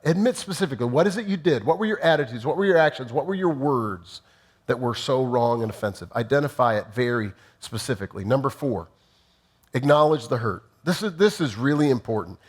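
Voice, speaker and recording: A man's voice: medium pitch, lively intonation, moderate pace, slightly rough. A man preaching a sermon, teaching in numbered points and briefly acting out sample apologies. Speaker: pastor.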